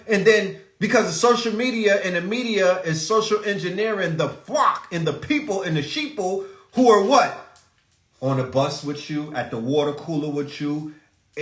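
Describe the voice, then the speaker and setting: A man's voice: high voice, fairly bright tone. Preachy, profane man in an echoey room. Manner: profane, preachy, rhetorical questions. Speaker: podcast host. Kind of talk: live-stream rant.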